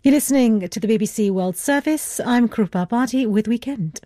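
A woman presenting a radio news program, measured and smoothly linking topics and guests. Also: fairly high pitch, warm tone, no echo.

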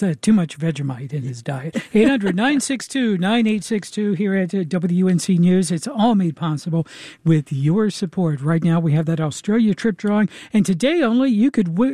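Man, radio host, pledge drive pitch, high mellow voice, brisk, dry studio sound. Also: expressive, dry recording. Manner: brisk, repeating the phone number.

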